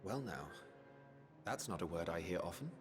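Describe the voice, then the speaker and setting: Serene ancient sage, slightly low, reverent and measured, for a game scene. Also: male voice, animated. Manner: measured, archaic, reverent speech. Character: solemn, serene ancient male scholar. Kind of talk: video game voice acting. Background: game score music.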